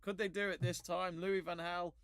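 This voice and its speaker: Smooth-voiced man hosting sports chat. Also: high voice, level tone, normal speed, a bit bright, no room sound. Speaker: host.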